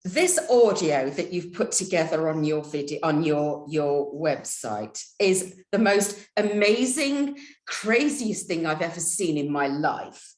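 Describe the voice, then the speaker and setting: Lively chatty woman host, echoey room. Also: sits low, slow. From United Kingdom. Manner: chatty, laughs often, quotes herself in asides. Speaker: interviewer host. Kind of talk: casual interview chat.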